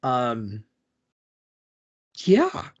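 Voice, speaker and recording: A man's voice: mid-range voice, wildly swooping pitch, extremely slow, lo-fi sound. A man co-hosting a casual history podcast, rambling with restarts and jokey asides. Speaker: podcast co-host.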